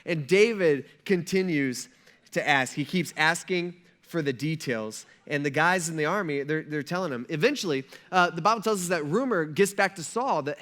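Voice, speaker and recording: A man's voice: fairly high pitch, normal speed, a bit bright. A young adult man, a pastor preaching a sermon in a casual, humorous storytelling way.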